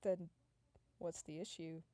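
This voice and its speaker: A woman voicing a laid-back young man who gives flat, offhand replies in a mellow tone. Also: lowish voice, takes it slowly, dry recording. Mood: deadpan.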